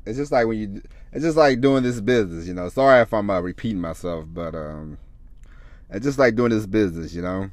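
A man's voice: lowish voice, animated, brisk, dry recording. A man hosting a solo podcast, talking in a loose, rambling way with many restarts and frequent swearing. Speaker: podcast host. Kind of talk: casual solo podcast talk.

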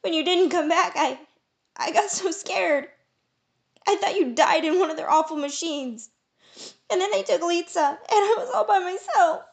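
A woman's voice: fairly even intonation, moderate pace, gravelly, a little mellow, natural voice. A woman voicing a kind-hearted young male pixie in an audiobook, anxious and tearful. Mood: sobbing. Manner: high-pitched and tearful, anxious. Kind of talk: audiobook character voice.

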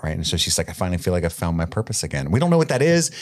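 Low-voiced guy co-hosting a pod, super lively pitch, laughing a lot while he recaps an episode. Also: quick pace. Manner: animated, laughs often, puts on voices for characters. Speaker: podcast co-host. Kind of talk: casual chat recapping a TV episode.

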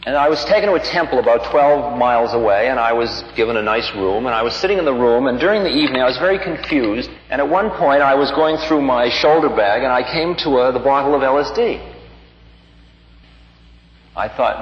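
A man giving a spiritual talk, telling a personal story in an unhurried, reflective way and livening up the quoted lines. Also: medium pitch, animated, slight background noise. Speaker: spiritual teacher. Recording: dull lo-fi recording in a reverberant hall.

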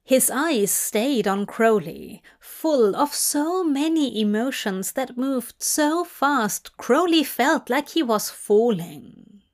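Woman, story narration, slow, measured, slightly high. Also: lively intonation. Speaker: fanfic reader. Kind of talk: scripted narration.

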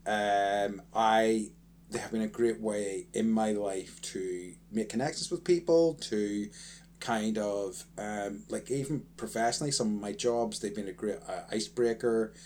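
A man's voice: on the low side, a little slow, darkish tone, a little hiss or hum. A man co-hosting a casual podcast chat, rambling and self-correcting as he talks, often breaking into laughter. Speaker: podcast co-host.

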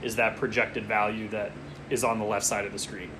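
A man's voice: on the low side, little pitch movement, a little fast, pushed and bright, slight background noise. A man co-hosting a casual podcast, chatting and rambling as he follows a fantasy football draft and gets distracted mid-story. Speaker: podcast co-host.

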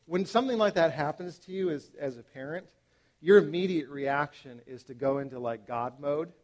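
A man in his thirties preaching to parents, animated and emphatic, with frequent fillers and restarts. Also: fairly high pitch. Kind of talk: sermon to parents.

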